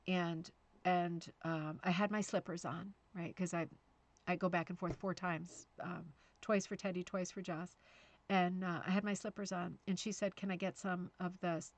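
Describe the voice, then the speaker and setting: A woman's voice: lowish voice, no room sound. A middle-aged woman hosting a casual live-stream chat about rug hooking, chatty and self-deprecating, with frequent fillers and restarts.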